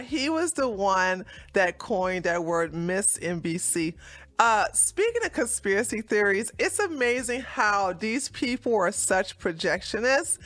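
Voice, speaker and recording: A woman's voice: mid-range voice, sharp tone, no room sound. A woman hosting her own commentary show, talking casually in a sarcastic, mocking way and laughing often. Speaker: political commentary host.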